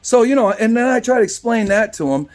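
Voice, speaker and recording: In a very high voice with lively intonation and a fairly quick pace, a barber spins a rambling, casual tale. He voices both people in the exchange and keeps checking in with "right?"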